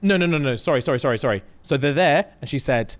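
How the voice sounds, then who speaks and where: Lively man with slang. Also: mid-range voice, quick pace. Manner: animated retelling with slang and acted quotes. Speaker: podcast co-host. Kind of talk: casual storytelling chat.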